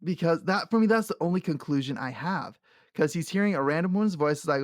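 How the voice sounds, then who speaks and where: A man co-hosting a casual podcast who laughs often and acts out quotes from the show in animated bursts. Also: a little high, fast, no room sound, clean studio sound. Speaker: podcast co-host. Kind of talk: casual chat.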